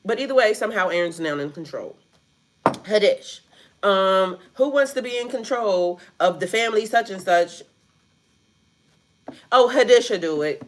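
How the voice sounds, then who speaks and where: A woman's voice: mid-range voice, lively intonation, moderate pace, slight background noise. A woman giving a casual spiritual reading straight to her viewers, blunt and profane, filling her talk with "like" and addressing them as "y'all". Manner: blunt and profane, heavy on the word "like". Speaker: spiritual reader.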